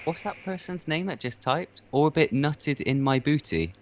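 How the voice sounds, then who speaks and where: A man hosting a casual gaming podcast, relaxed and chuckling as he asks questions. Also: a little high, normal speed, a little hiss or hum.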